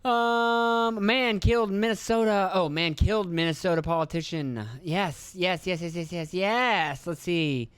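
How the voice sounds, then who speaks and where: A man's voice: sits high, steady tone, a bit bright, smooth, no room sound. A young man hosting his own podcast, from rural Pennsylvania, talking in a casual, profane, joking ramble with a phlegmy throat. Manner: profane, joking, acts out his kids and himself in quick voices. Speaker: podcast host.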